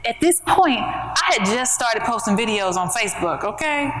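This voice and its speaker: Woman, keynote speaker, motivational talk, emphatic conversational preaching, higher voice, faint noise behind. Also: sing-song, normal speed, fairly bright tone, rough recording. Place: conference room with an audience.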